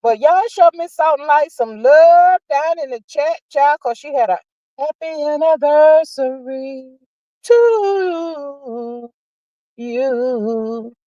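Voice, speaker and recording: A sassy woman hosts a casual livestream gossip chat in a fairly high voice with a mellow, warm tone. She draws out her words and calls her viewers honey and child. The sound is dry and a little dull. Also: normal speed, hardly any pauses, no room sound. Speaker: livestream host.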